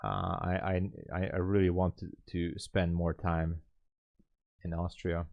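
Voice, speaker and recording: A man talks through his trades on a live stream. He drawls slowly, half to himself, chuckling and grumbling at the screen. The sound is dry and close, with no room around it. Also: low-pitched, flat delivery, creaky, dry recording, muffled recording. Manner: laughs at himself, mutters at the screen. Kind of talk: casual live-stream commentary.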